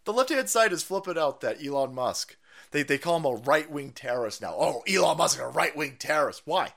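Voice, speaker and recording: Profane ranting man, bright lively voice. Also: fairly high pitch, a little fast, gravelly. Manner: profane, mocking, loud swings into shouting. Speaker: streamer host. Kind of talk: ranting political stream commentary.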